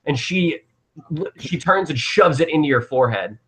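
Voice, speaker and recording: A man's voice: a little high, animated, normal speed, a bit bright, slightly rough. A young man narrating as game master, rambling with lots of fillers and restarts.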